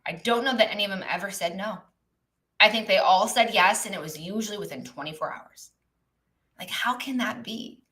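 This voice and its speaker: A woman's voice: medium pitch, a little fast, fairly bright tone, poor audio. A woman business coach talking casually to viewers on a live stream, chatty and reflective, with lots of fillers and asides. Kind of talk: live-stream teaching talk. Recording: live online broadcast.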